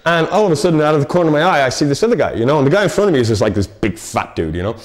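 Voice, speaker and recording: A man co-presenting a local TV show, rambling through a self-mocking comic story. He talks at a breakneck pace, and his pitch swoops widely from high to low. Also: sing-song, very fast.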